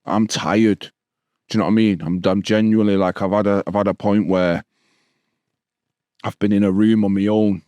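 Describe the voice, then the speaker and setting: A man in his thirties from Stockport, England, with a Manchester accent, tells stories as a podcast guest in casual street slang, repeating "bro" and "do you know what I mean." His lowish voice is level, warm, clear and resonant, a little fast. There's no room sound.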